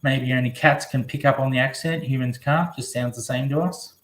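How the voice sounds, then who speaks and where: A man's voice: medium pitch, fairly even intonation, a little fast. Rambling man live-streaming in an echoey room. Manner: rambling, chatty, reading comments aloud. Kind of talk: casual live-stream chat.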